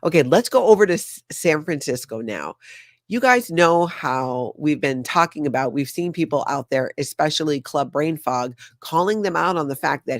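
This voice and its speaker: A woman's voice: low-pitched, animated, moderate pace, no echo. A woman hosts a casual livestream recap, sarcastic and chatty as she talks directly to her viewers. The recording is dry and close, with no room sound around her voice. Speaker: host of a news recap channel.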